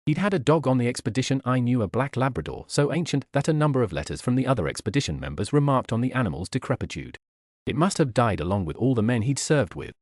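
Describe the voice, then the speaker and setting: A man narrating a novel aloud in a scripted, animated reading style. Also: medium pitch, fast talker, no room sound, studio quality. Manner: lively, animated reading with voiced characters. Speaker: audiobook narrator.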